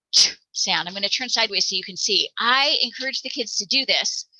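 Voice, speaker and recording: Woman teaching parents phonics, super bright voice, acts out the sounds, dry close mic. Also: medium pitch, no room sound, rough recording. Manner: encouraging, demonstrates sounds aloud. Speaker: teacher presenting a parent workshop.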